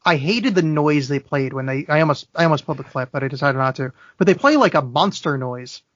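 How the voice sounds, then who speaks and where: A man's voice: on the high side, lively intonation, a little fast, a bit bright, no room sound, highs cut off. A middle-aged man co-hosting a podcast, casually recapping a movie plot with wry, self-deprecating humor. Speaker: podcast co-host. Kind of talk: casual movie review chat.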